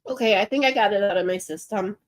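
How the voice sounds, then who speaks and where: A woman's voice: mid-range voice, quick pace. A woman hosting a livestream, talking to her viewers in a casual, ranting way through tears, with lots of restarts and fillers. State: crying. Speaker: livestream host.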